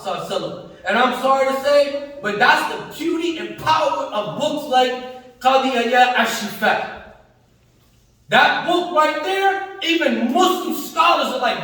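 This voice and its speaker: A man's voice: very high voice, a bit bright. A man giving a Friday sermon in a mosque, emphatic and slangy, stopping to act out everyday voices. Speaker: Friday prayer preacher. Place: mosque hall. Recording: echoey hall, voice from far off.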